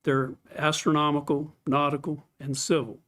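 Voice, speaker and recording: A man teaching a scripted Bible study lesson, explaining things step by step, reading scripture aloud and clearing his throat now and then. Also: fairly high pitch, little pitch movement, normal speed, fairly bright tone.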